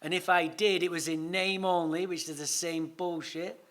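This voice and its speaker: An English man speaking at a recovery meeting, telling his own story in a lively, comic way and swearing freely. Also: a little high, normal speed. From England. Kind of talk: storytelling talk.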